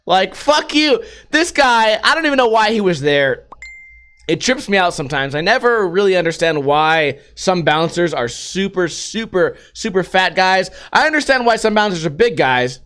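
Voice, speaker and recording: Podcast host, male, high voice, casual and profane, acts out the voices in his anecdotes. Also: normal speed, smooth. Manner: profane, animated retelling with acted-out quotes. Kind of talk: casual storytelling and news commentary.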